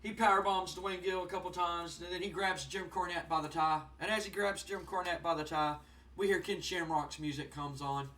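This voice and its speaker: A young man casually commenting on a wrestling management game, rambling with lots of fillers and getting excited. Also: high voice, normal speed, distant mic. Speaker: gaming channel host. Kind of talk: casual let's-play commentary.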